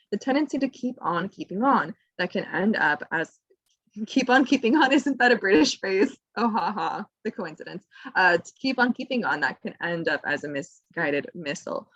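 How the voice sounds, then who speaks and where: A woman's voice: mid-range voice, lively intonation, brisk, a bit bright, dry recording, highs cut off. A woman co-hosting a podcast, explaining things in a casual, chatty way, laughing often and drifting into side tangents. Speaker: podcast co-host.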